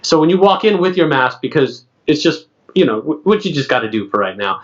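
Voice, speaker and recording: A man in his late 30s co-hosts a casual podcast, his fairly high voice swinging widely in pitch at a slightly quick pace. A chatty storyteller, he acts out other people's lines, and the recording has a dull lo-fi sound.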